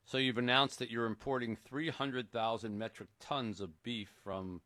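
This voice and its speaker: A man hosting a comedy radio interview, asking brisk questions and playing it straight. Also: mid-range voice, fairly even intonation, sharp tone, no echo, studio quality. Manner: plays it straight, brisk questions, laughs along. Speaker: radio show host.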